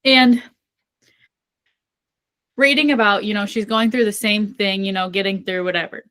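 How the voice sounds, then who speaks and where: Young woman podcast co-host, emphatic storyteller, mid-pitched voice, dry studio sound. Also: steady tone, normal speed, fairly bright tone, no echo. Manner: emphatic, dramatic retelling. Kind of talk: casual book chat.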